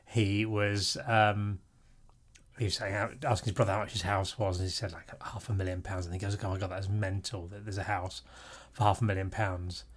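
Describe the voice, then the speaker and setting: A man's voice: low voice, level tone, fairly quick. A man co-hosting a casual chat, telling anecdotes with a dry, teasing manner. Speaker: podcast co-host.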